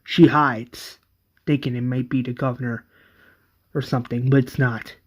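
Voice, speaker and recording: A man's voice: mid-range voice, little pitch movement, normal speed. A man casually narrating a fan retelling, with loose, conversational phrasing.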